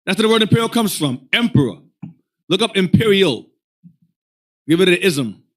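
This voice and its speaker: A man teaching a casual religious class, talking in an animated, rambling way and telling a reader what to look up. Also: high voice, moderate pace.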